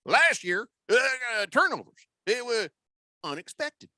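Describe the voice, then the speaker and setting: A man doing an impression of a blustery old male football team owner, rambling, boastful and shouting. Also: sits high, big pitch swings, unhurried, no echo, studio quality, voice pushed up, heavily acted. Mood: blustering.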